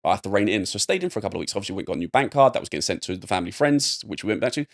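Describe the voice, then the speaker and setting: A young man from England tells a long personal story as a podcast guest, rambling and animated. He talks very fast in a lowish voice with a gravelly edge, full of fillers and restarts. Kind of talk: casual storytelling.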